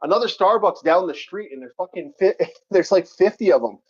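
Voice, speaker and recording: Rambling, animated podcast host man. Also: high-pitched, fairly quick, slightly rough. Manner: rambling, profane, laughs often. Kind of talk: casual chat. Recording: lo-fi muffled audio.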